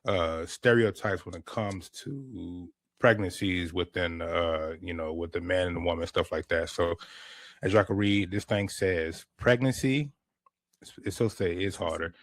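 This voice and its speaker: Deep-voiced man, casual podcast host. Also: a little slow, dry recording. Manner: animated, laid-back storytelling with repeated restarts. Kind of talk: casual chat.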